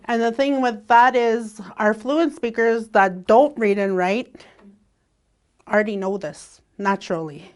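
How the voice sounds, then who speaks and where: Slow, easygoing woman teaching a language. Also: fairly high pitch. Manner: unhurried, laughs often, drawn-out example words. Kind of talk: relaxed language lesson.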